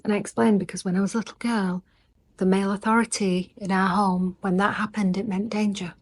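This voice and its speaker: A woman's voice: medium pitch, steady tone, brisk, slightly rough. Earnest woman coaching on lasting love. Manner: earnest, intimate, drops to soft near-whispers for emphasis. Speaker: relationship coach. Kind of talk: heartfelt advice monologue.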